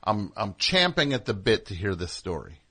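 A man hosting a call-in show, his pitch leaping up and down as he riffs and jokes. He talks a lot, often slipping into quick mock voices. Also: sing-song, pushed and bright, husky. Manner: talkative, jokey, riffs and does quick voices. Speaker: radio show host. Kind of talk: casual call-in chat.

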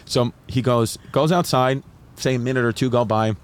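A man's voice: medium pitch, moderate pace, clean tone. A man from New York, a comedian guesting on a podcast, telling a story in a casual, profane way and acting out the other people in it. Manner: animated, profane, acts out quotes in other voices.

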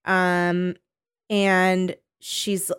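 A woman's voice: on the low side, drawn-out words, smooth. A woman chatting casually about a book with a friend, laughing a lot and acting out lines from it. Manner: animated, laughs often, acts out quotes.

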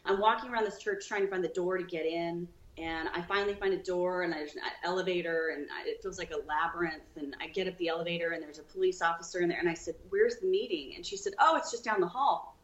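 A woman guest on a podcast, telling her own story with lively, acted-out dialogue. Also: lowish voice, quick pace, hardly any pauses, echoey room, lo-fi sound. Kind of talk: storytelling in an interview.

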